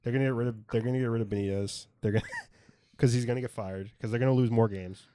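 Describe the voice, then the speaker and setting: A man's voice: medium pitch, fairly even intonation, quick pace, mellow, slight background noise. Rambling man co-hosting a sports podcast. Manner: rambling, trails off and restarts often. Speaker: podcast co-host. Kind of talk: casual sports chat. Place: home studio.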